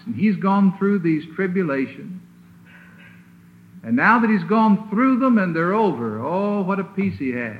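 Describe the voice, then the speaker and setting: A man preaching a sermon in an emphatic, deliberate way, leaning hard on single words, heard on a lo-fi old recording from a chapel. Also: high-pitched. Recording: tinny lo-fi old sermon recording with faint hiss.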